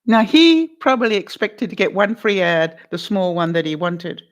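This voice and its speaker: Older woman, advice vlogger, chatty storytelling, acts out both sides of a call, mid-pitched voice. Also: normal speed. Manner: animated anecdote-telling, quotes both sides of a phone call, laughs often. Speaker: vlogger giving life advice. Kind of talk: casual storytelling to viewers.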